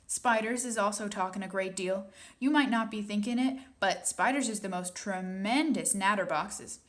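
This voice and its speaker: A woman's voice: mid-range voice, normal speed, lightly acted. A woman reading aloud and voicing a big, friendly male giant who talks in jumbled grammar and made-up words. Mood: cheerful. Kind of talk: audiobook reading.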